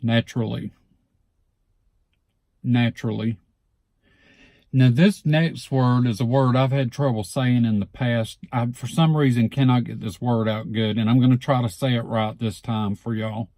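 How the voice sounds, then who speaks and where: Vlogger, male, Southeast Alabama accent, warm low-key tone, close dry mic, unhurried word-by-word delivery. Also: no echo. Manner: relaxed, repeats words slowly and deliberately. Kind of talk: casual word-list reading.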